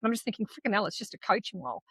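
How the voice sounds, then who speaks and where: A woman's voice: medium pitch, rapid-fire, breathy edge, no room sound. Candid Australian woman, dry close sound. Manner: candid, animated storytelling, swears freely. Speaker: podcast co-host. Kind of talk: casual conversational chat.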